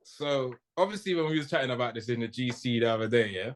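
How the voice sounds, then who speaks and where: A man's voice: medium pitch, animated, quick pace. A young man, co-hosting a podcast and riffing in a joking, slangy way. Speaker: podcast co-host. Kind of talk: casual chat.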